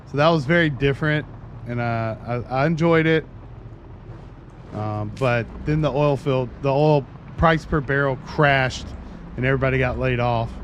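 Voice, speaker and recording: A man's voice: medium pitch, highs cut off. A man in his thirties chatting casually and at length with his viewers while streaming a game. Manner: chatty, rambling, self-described talker. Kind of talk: casual chat while playing. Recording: noisy stream audio.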